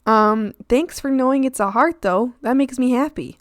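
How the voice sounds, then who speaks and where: A woman art streamer chatting casually with her viewers while she draws, excitable and giggly, often squealing and pleading with her chat. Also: sits high, moderate pace. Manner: talks to chat and greets viewers by name.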